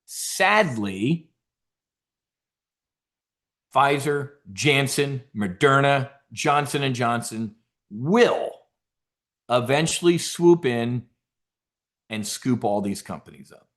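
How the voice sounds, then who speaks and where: A middle-aged man hosting a trading show, giving blunt, emphatic market commentary and a sales pitch, swearing freely and asking and answering his own questions. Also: lively intonation, takes it slowly, long pauses, fairly bright tone. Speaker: host of a stock options trading show.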